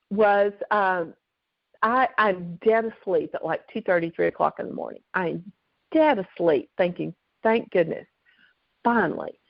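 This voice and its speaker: A woman, a guest author, telling lively stories during an interview, on a dull, dry recording. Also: mid-range voice, creaky, dry recording. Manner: animated, lively storyteller. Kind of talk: storytelling in an interview.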